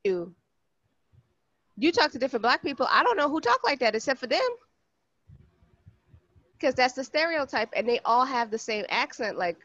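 A woman's voice: sits high, normal speed, pauses often, no echo. Brooklyn woman chatting, dull dry sound. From Brooklyn, New York. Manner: animated, acts out quotes. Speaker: podcast co-host. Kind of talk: casual chat.

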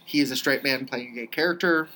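A woman's voice: a bass voice, quick pace, bright, forceful tone, rough recording. A woman hosting a podcast in casual chat, running through upcoming releases in a matter-of-fact way. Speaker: podcast host.

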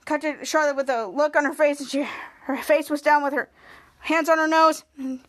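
Keeping a steady tone at a moderate pace, a female podcast host walks through a TV episode one scene at a time in a choppy, stop-start manner. To voice the characters' lines, her delivery leaps up in volume and pitch.

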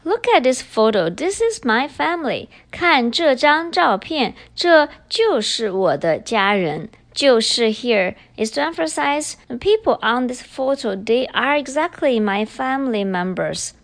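A woman's voice: high voice, big pitch swings, measured pace, hardly any pauses. A woman hosting a podcast, teaching Chinese grammar in English, and explaining each example sentence carefully before she repeats it. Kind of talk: bilingual language lesson.

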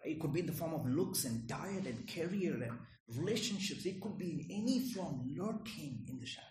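A man's voice: fairly high pitch, expressive, moderate pace, a little mellow, a little hiss or hum. A man preaching a sermon in a conversational way, often checking in with "Right?" and "Okay?". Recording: echoey room.

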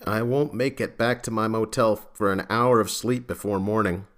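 A man voicing a tired female federal agent in an audiobook, with a husky tone and dry, sardonic replies. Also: fairly low pitch, fairly even intonation, normal speed, fairly bright tone, natural voice.

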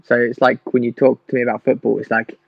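A man's voice: medium pitch, flat delivery, fast, vocal fry, slightly rough. A young man in casual chat, jokey and teasing, slipping into silly voices. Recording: dry, dull lo-fi recording.

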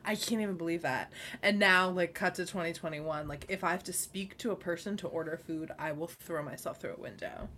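Podcast co-host, woman, lowish voice, laughs a lot, faint hiss behind. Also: sharp tone. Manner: giggly, playful, quick asides. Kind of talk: casual movie podcast chat.

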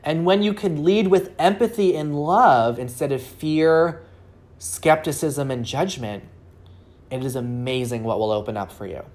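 A woman's voice: low voice, a little slow, darkish tone. A woman speaking as a relationship coach, talking earnestly in a solo advice episode and asking rhetorical questions.

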